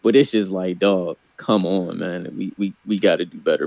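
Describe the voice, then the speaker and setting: A man's voice: low voice, fairly even intonation, moderate pace, vocal fry, darkish tone, dry recording. A man co-hosting a podcast in casual movie chat, laid-back and slangy, laughing easily. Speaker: podcast co-host.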